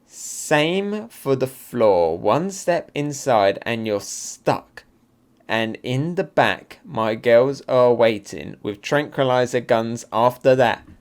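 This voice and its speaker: A menacing giant spider villainess , read out by a man in his own voice. Each word is drawn out slowly and deliberately. Her threats come across as calm and certain. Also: medium pitch. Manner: slow, deliberate.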